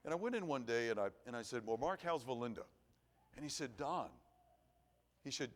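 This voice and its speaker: A middle-aged man preaching in a church at an evening service. He tells a long personal story in an earnest, folksy way, often repeating words as he goes. His pitch sits in an ordinary middle range for a man. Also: lively intonation, a little fast, pauses often. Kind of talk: sermon. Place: church auditorium.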